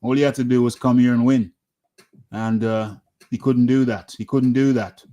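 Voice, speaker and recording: Host man, casual boxing talk, stop-start delivery, ordinary pitch. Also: fairly even intonation, mellow, lo-fi sound. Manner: halting, many fillers and restarts.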